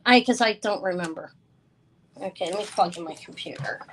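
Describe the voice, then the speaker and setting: A woman's voice: lowish voice, fairly quick, a little hiss or hum, poor audio. Flustered, tired woman selling jewelry live. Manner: flustered and apologetic, stumbling restarts. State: tired and stressed. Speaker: jewelry seller hosting a live sale. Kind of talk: live-stream sales chat.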